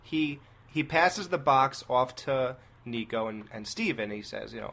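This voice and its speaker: A man co-hosting a casual movie review chat, animated and laughing at his own slips. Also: medium pitch, a little slow, gravelly. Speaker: podcast co-host.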